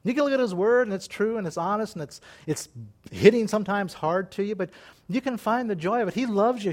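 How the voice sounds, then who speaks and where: Animated, folksy male preacher. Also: high-pitched. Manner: folksy, animated, laughs often, acts out voices. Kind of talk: informal sermon.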